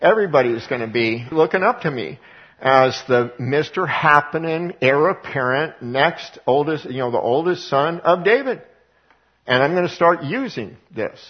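A preacher playing an ambitious, scheming young prince who boasts in casual modern talk. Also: male voice, a little high, animated, normal speed, husky, lo-fi sound. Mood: boastful.

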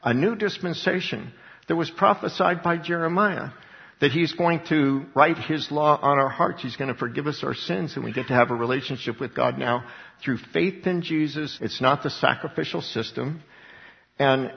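A man preaching a sermon to a congregation, reading scripture aloud and breaking off into lively asides. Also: on the high side, moderate pace, gravelly. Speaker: pastor. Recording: dull sound with long reverb in a large room.

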